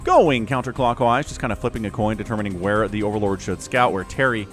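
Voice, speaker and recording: A man's voice: fairly low pitch, quick pace, soft background music. A man casting a strategy game match on his own, chatty and rambling, often correcting himself mid-sentence. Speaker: game caster. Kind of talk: solo esports commentary.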